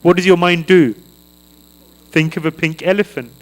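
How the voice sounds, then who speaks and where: A man giving a devotional sermon at a temple feast, slow and earnest, chanting a mantra aloud as he teaches. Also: high-pitched, fairly even intonation, low-quality recording. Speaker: guest speaker at a temple feast. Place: temple hall.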